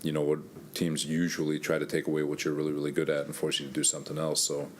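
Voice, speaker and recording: A man's voice: very deep voice, completely flat delivery, quick pace, slight background noise. A man, a head coach, answering reporters' questions in a candid, conversational way, thinking aloud and a little winded. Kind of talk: press conference answers. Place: press room.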